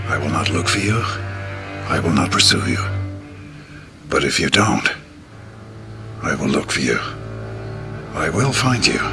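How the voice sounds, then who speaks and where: An actor playing a calm, menacing father who threatens kidnappers in a slow, measured film scene. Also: low voice, gravelly, full character voice. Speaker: film character making a threat. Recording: film clip with music underneath.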